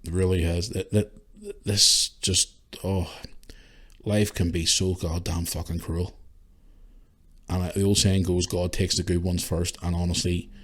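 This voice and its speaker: A middle-aged man with a Northern Irish accent hosting a podcast, speaking emotionally and haltingly in a tribute monologue, swearing and restarting his sentences. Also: low voice, level tone, breathy edge. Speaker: podcast host.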